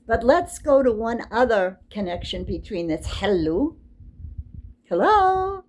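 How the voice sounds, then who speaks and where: An older woman giving an informal, chatty lecture, quick to get excited. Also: mid-range voice, low-quality recording. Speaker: teacher.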